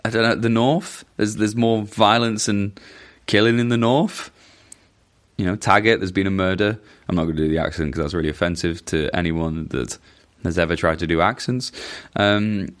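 Man, very low voice, casual podcast chat, rambling, stop-start phrasing. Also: normal speed. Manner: rambling, self-interrupting, chuckling asides. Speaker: podcast host answering listener questions.

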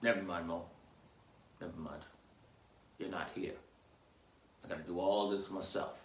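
A man hosting a rambling comedy podcast, talking theatrically and jokily, jumping from loud outbursts to mumbled asides, on grainy audio with clicks. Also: sits low, steady tone, a little slow, reverberant. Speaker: podcast host.

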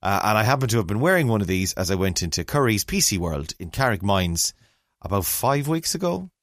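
Low, rambling Irish man telling a story. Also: very animated, fairly quick, fairly bright tone, dry recording, clean studio sound. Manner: rambling, self-mocking, acts out other voices. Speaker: podcast co-host. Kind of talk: casual storytelling chat.

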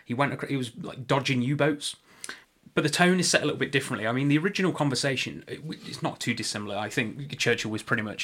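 A man's voice: mid-range voice, fast talker, fairly bright tone. Rambling man podcast host. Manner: rambling, self-correcting, joking asides. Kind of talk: casual history podcast narration.

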